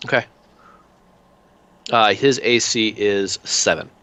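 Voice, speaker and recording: A man narrating a tabletop game as game master, relaxed and full of filler sounds. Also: on the low side, slow pace, clear, resonant tone.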